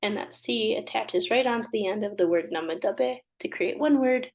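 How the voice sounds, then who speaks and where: A woman's voice: mid-range voice, normal speed, vocal fry. A woman with a stuffy nose teaching a language lesson, patiently repeating each phrase and translating it. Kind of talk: language lesson, slow repetition drills.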